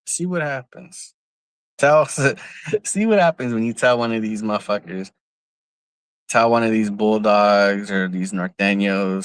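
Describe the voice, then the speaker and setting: A young man from San Jose, California, rants on a casual livestream in a lowish voice. He is blunt and profane and keeps repeating his points. The sound is dry and close, with almost no room echo. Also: fairly bright tone. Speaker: livestream host. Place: outdoors.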